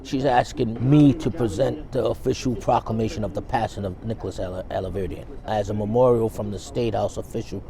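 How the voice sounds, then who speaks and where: A man's voice: fairly low pitch, steady tone, brisk, creaky, few pauses, a crowd in the background. A man interviewed for a documentary, speaking hesitantly and reflectively.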